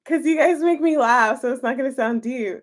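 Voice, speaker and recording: A woman's voice: high-pitched, a little fast. A woman tarot reader chatting casually with her live-stream viewers, giggly and chatty as she answers their comments.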